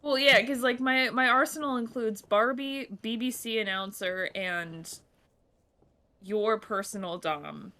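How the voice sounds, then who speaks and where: A woman chats through a game session with friends over voice chat. Her voice is bright and clear, and she talks quickly and laughs often. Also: on the high side. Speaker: stream guest player. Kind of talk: casual gaming chat. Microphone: headset mic over voice chat.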